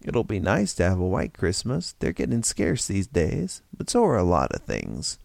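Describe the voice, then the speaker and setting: A man voicing a cheerful little male stranger who talks patiently and coaxingly, slipping into brisk salesman patter. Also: sits low, wildly swooping pitch, vocal fry, darkish tone, no echo, voice pushed down, exaggerated voice.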